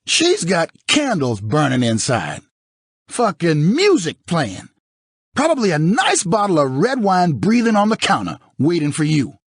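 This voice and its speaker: A man's voice: on the high side, wildly swooping pitch, unhurried, slightly rough, dry recording, studio quality, voice pushed up, heavily acted. A man playing an aggressive, foul-mouthed ex-husband, with snarling, sarcastic taunts in an audiobook. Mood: furious taunting. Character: furious divorced ex-husband, aggressive, profane.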